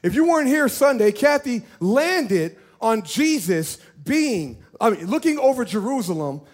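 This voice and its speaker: A man preaching as a pastor, animated and playful, talking directly to his church. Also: extremely high pitch, unhurried. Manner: animated, playful, talks to the congregation. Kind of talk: lively sermon.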